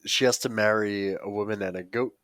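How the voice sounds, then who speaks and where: A man's voice: lowish voice, fairly even intonation, a little fast, a bit bright, no echo. Male co-host, dry and questioning, dead dry sound. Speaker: podcast co-host. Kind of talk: casual panel chat.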